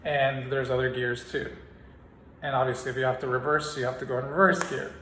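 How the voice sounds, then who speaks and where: A man's voice: mid-range voice, flat delivery, brisk, a bit bright, a little hiss or hum. A man teaching a singing lesson, explaining with analogies and singing scale exercises. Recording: roomy sound with piano behind. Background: piano.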